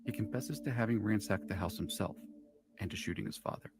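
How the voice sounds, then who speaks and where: A man narrating a true-crime documentary in a measured, even way. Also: on the low side, music in the background.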